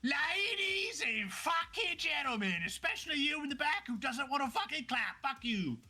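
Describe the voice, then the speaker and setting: A man voicing a loud, brash male fight-ring announcer who bellows and taunts the crowd. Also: very high voice, big pitch swings, moderate pace, voice pushed up, full character voice. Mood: hyped.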